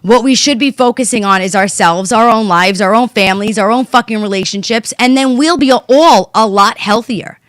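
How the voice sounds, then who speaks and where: A woman's voice: fairly high pitch, normal speed, hardly any pauses, a bit bright, no echo. A woman co-hosting a podcast in casual chat, speaking emphatically with strong opinions and frequent swearing. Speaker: podcast co-host.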